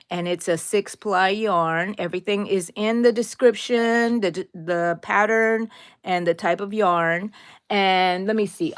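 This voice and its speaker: A woman's voice: medium pitch, no echo, studio quality. A middle-aged woman hosting a casual live crochet tutorial, chatting, drifting into side stories, and answering viewers by name.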